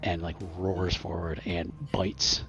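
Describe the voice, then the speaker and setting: A man narrating as game master in a halting way, full of restarts. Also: low voice, flat delivery, muffled recording, over music. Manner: halting, lots of restarts and fillers.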